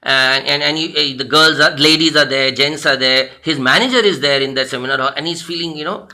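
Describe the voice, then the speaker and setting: Bright-voiced Indian male trainer. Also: a little high, brisk. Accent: Indian English. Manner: earnest, repeats phrases for emphasis. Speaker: personality development trainer. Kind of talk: motivational storytelling talk.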